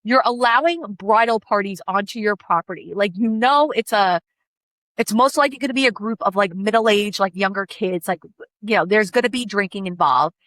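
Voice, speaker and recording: A woman wedding coordinator in casual chat, telling a story in an animated, blunt way, swearing freely and acting out what people said. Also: mid-range voice, moderate pace, dry recording.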